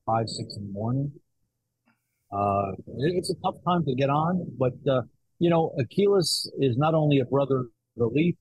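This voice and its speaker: A man who works in the cigar business, chatting on a podcast in a relaxed, appreciative way. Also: medium pitch, slightly rough, no echo, poor audio. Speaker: podcast co-host, cigar maker. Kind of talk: casual chat.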